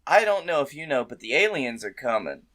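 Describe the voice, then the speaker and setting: A man co-hosting a comedy podcast, chatting casually and dropping dry, quick comic asides. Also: medium pitch, sing-song, a bit bright. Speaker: podcast co-host.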